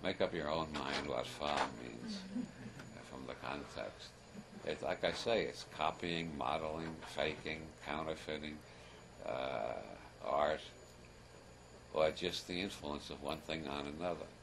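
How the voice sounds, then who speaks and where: A man's voice: extremely low pitch, measured pace. An older man giving a rambling, humorous talk to a live audience, wry and chuckling, wandering off on self-deprecating asides. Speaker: lecturer. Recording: noisy archival audience recording.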